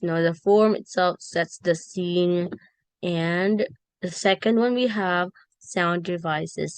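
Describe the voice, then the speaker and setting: Woman, teacher, slow halting lecture, dry close sound. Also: on the low side, no echo. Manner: slow, halting explanation with fillers and self-corrections. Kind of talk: classroom lecture on poetry.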